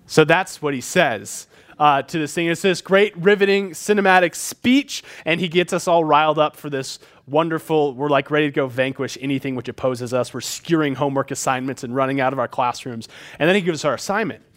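A man's voice: a little high, brisk, fairly bright tone. Man preaching a conversational sermon. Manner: conversational and emphatic, with frequent filler words. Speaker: pastor.

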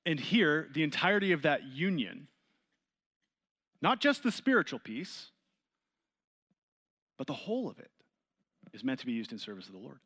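A man teaching a Bible study, reading scripture aloud and explaining it to a group with questions, getting louder and higher when he stresses a point. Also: very animated, moderate pace, long pauses, slightly rough. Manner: rises in pitch and volume when stressing points.

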